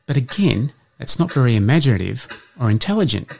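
A man's voice: mid-range voice, big pitch swings, a little fast, creaky, darkish tone, slight background noise. A man voicing a flirty, fussy female poodle who speaks in a prim, teasing way. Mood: dismissive.

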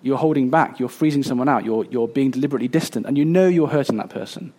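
A man in his thirties preaching a sermon, earnest and a little halting, with fillers and restarts. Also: medium pitch, warm tone. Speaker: pastor.

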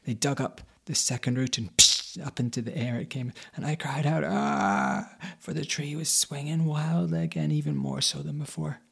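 A man telling a folk tale in the first person, dramatic, dropping to whispers and rising to sudden loud bursts. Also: on the high side, fairly even intonation, normal speed, vocal fry, hardly any pauses, husky. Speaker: storyteller.

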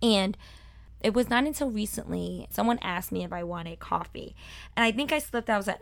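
A woman in her thirties from Brooklyn with a Brooklyn accent, a talkative and loud food host telling her own story in a personal monologue. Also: medium pitch, vocal fry, dry recording. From Brooklyn, New York. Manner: talkative and loud, fast and emphatic. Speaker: food video host and cook.

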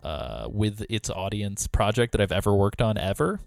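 A man talks casually on a podcast about leaving it, pausing and hesitating as emotion creeps in. The recording is dry, with no room sound. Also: lowish voice, animated, creaky, no room sound. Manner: reflective, a little emotional, hesitant. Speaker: departing podcast co-host. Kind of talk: casual chat.

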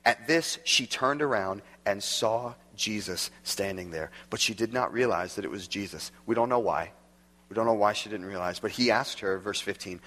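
A male pastor giving a conversational, animated sermon, laughing often and reading scripture aloud. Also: fairly low pitch, normal speed, in a large hall.

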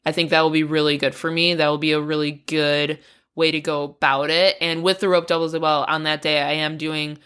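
Young woman vlogger, bright forward voice, blunt and profane, casual talk. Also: sits low, little pitch movement, brisk, clean tone. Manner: candid, profane, frequent swearing and laughs. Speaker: climbing vlogger. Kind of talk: casual training vlog.

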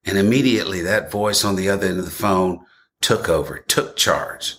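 A man's voice: sits low, moderate pace, fairly bright tone. A man preaching a sermon in an earnest, conversational way to his congregation. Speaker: pastor.

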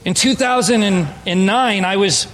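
Joking with his congregation in a conversational sermon, the Southern California pastor speaks from the church sanctuary in a high, fairly bright, unhurried voice. The recording is rough, sounding like a large hall.

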